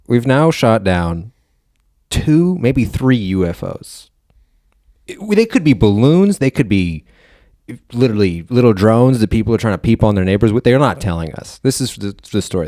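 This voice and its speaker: A man's voice: fairly low pitch, big pitch swings, normal speed, dark tone, no echo, clean studio sound. A man co-hosting a podcast, making wry jokes while reading out a news story. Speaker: podcast co-host. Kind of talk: casual chat, reading news.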